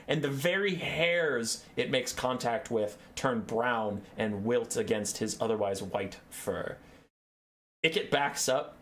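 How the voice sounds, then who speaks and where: A man narrating a story and then giving lively play-by-play commentary on a strategy game battle. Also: medium pitch, slow pace.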